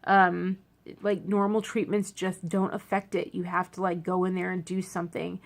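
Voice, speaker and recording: A young woman talks straight to her camera in a loose, rambling vlog, repeating lines for emphasis. Her voice carries a gravelly vocal fry, and she sounds worn out and in pain after a procedure. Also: on the low side, little pitch movement, normal speed. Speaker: vlogger. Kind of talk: casual talk to camera.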